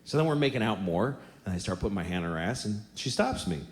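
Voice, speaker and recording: A man in his forties doing a stand-up comedy set on a theater stage, telling blunt, exaggerated stories in an animated way. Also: on the low side, fast talker. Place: theater stage before a live audience. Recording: roomy hall with audience noise.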